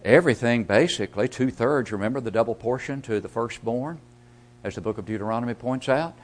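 A man preaching a sermon, asking rhetorical questions and swinging from loud emphasis to hushed asides. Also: mid-range voice, fairly quick.

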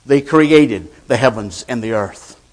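A man preaching a sermon, slow and deliberate, swinging between loud declarations and hushed lines. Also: medium pitch, expressive.

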